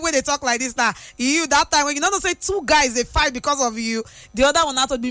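Young Nigerian female host, high-pitched, bantering and teasing, dry close mic. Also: quick pace, few pauses, bright, forceful tone, no room sound. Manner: chatty, teasing, laughs often, Pidgin slang. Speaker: radio host. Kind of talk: casual chat.

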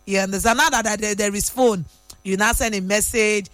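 A woman's voice: mid-range voice, fairly even intonation, a little fast, a bit bright, dry recording, soft background music. A young woman with a Nigerian accent, hosting a casual talk show, chatty and teasing with bits of Pidgin slang and frequent laughter. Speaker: radio host. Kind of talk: casual chat.

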